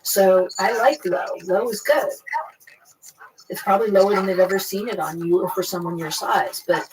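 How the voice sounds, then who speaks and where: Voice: medium pitch, moderate pace, a crowd in the background. A speaker in casual chat, explaining breathing and fatigue in a coaching tone. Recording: noisy background.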